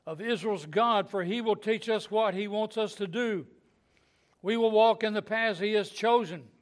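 A man preaching a sermon to his congregation, explaining scripture in a folksy way with joking asides and chuckles. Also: high voice.

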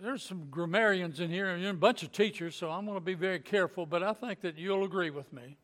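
Male preacher with a high voice, folksy and joking, delivering a Sunday sermon. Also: brisk, fairly bright tone. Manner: folksy, joking asides with chuckles.

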